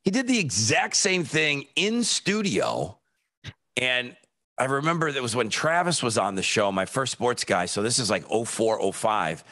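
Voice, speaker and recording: Lively male podcast co-host. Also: mid-range voice, moderate pace. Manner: chiming in with short reactions. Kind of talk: casual chat.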